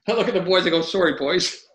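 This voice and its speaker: A man's voice: high-pitched, rapid-fire, roomy sound, low-quality recording. A man, a former hockey player, telling stories in casual talk, acting out quotes and laughing often. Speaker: podcast guest, retired hockey player. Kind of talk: casual storytelling.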